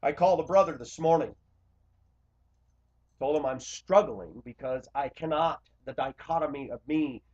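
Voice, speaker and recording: A Christian video blogger, a man with a fairly high voice, delivers an impassioned confessional monologue straight to camera. He's blunt and confrontational, lurching from loud outbursts to quiet asides, and the recording is dull and lo-fi.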